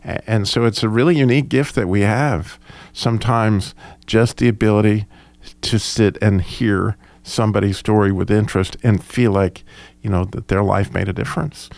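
A man's voice: on the low side, steady tone, normal speed, gravelly, darkish tone, no room sound. A man in a casual group discussion, speaking reflectively with frequent restarts. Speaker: discussion participant.

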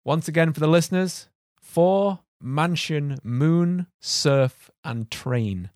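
A man's voice: a little high, takes it slowly, darkish tone, dry recording, clean studio sound. A man hosting a casual podcast chat, joking and steering the conversation back on track. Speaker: podcast host.

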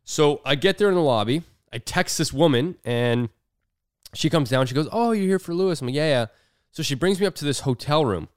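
A man hosting a podcast, chatting casually and telling animated stories, acting out the people in them. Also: medium pitch, fairly quick, no echo, studio quality. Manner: animated storyteller, mimics others. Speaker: podcast host. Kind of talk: casual chat.

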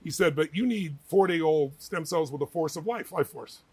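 With a mellow, husky voice on the high side and no room sound, a middle-aged author and speaker tells stories at normal speed as an interview guest. He speaks with energy and emphasis, performing the people he quotes.

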